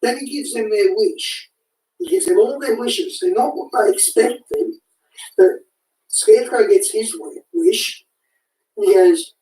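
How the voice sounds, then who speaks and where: A woman giving an animated, casual spoken commentary, often restarting and repeating words as she talks. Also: fairly high pitch, measured pace. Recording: echoey room, far from the mic.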